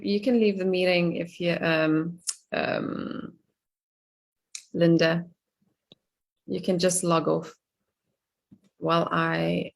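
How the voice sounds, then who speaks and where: A woman's voice: on the low side, creaky. A middle-aged woman life coach running a live online coaching session over a video call, chatty and laughing often.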